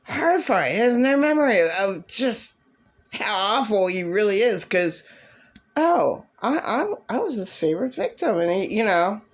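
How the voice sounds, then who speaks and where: A woman ranting angrily about her past, bitter and swearing, now and then mocking others in a shrill voice. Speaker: vlogger. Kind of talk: angry personal rant.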